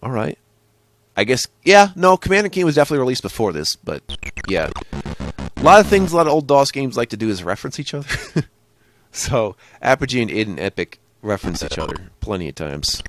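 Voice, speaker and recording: Playing a retro game for his channel, this young man talks fairly quickly in a mid-range, very animated voice. The let's play commentary wanders off on tangents and keeps the jokes coming.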